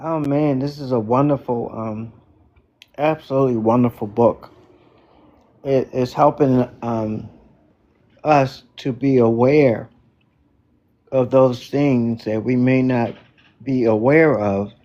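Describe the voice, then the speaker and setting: A man speaks on an online group call, reflecting on his ideas at a very slow, deliberate pace. He leaves pauses between his thoughts. His audio comes through dull and lo-fi. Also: mid-range voice. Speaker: book club participant.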